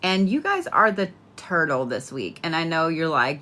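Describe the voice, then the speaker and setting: A woman's voice: sits low, big pitch swings, moderate pace, sharp tone. A woman giving a casual spoken horoscope reading, talking bluntly and playfully with plenty of swearing. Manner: blunt, profane, chatty, playful. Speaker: tarot and astrology reader.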